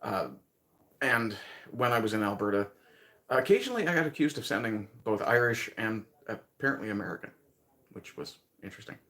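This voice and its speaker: A man from Newfoundland, Canada, with a light local accent, hosts a livestream, chatting casually with viewers while rambling and chuckling as he thinks aloud. His voice is lowish, sing-song, brisk, and a bit bright.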